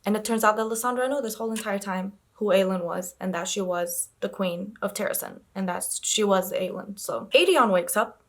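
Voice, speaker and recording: A woman's voice: medium pitch, a little fast, few pauses. A young woman in a casual reading vlog, chattily rambling through a plot recap with lots of filler words. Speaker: book vlogger.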